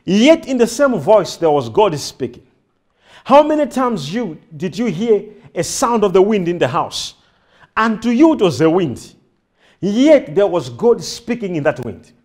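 A preacher's high-pitched, sing-song voice with a darkish tone carries a little slowly through a church. Before his congregation, he repeats phrases and keeps throwing questions back at the listeners.

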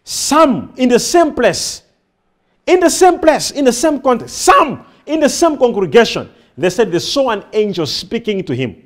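In a church, a man preaches a sermon to his congregation in an extremely high, sing-song voice at a moderate pace. He repeats his phrases and fires questions back at the crowd.

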